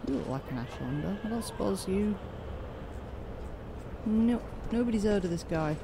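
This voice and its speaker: A man's voice: high-pitched, animated, moderate pace, gravelly, background noise. A man giving casual, joking commentary while playing a video game, thinking aloud. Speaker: let's play gamer. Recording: game sounds and music behind.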